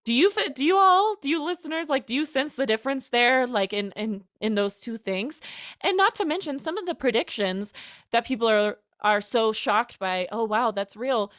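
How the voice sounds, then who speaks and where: A woman's voice: fairly high pitch, expressive, moderate pace, fairly bright tone, no echo. Chatty woman podcaster with a dry mic sound. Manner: chatty, laughs often, many fillers. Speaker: podcast co-host. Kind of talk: casual podcast chat.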